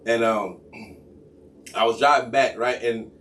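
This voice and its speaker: A man's voice: medium pitch, takes it slowly, far from the mic, a little hiss or hum. A man telling a long profane story in casual chat, acting out the voices of each person in it. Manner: animated, profane, acts out both sides of a story. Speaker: podcast co-host.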